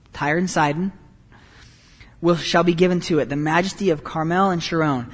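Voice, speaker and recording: A man preaching a sermon as pastor, animated, moving between quiet and loud passages. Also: on the high side, moderate pace, long reverb tail.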